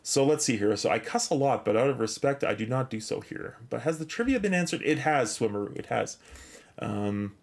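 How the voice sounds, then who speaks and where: A man's voice: medium pitch, animated, fairly quick, vocal fry. A man streaming a game, chatting casually, rambling with many fillers and restarts, a little out of breath as he thanks viewers and reads chat.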